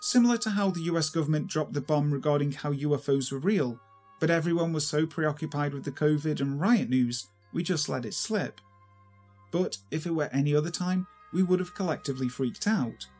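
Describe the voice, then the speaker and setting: Man, horror story narration, measured reading, slightly high pitch, faint background music. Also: a little mellow.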